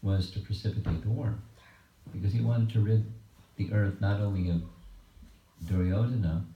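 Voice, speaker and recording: A low-voiced man leads a scripture class in a home, unhurried and halting as he tells the story. He sounds distant from the mic, with a roomy echo and a dull, muffled recording. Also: fairly even intonation, slight background noise. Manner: slow, measured, halting phrasing. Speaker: monk giving a scripture class. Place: home program room.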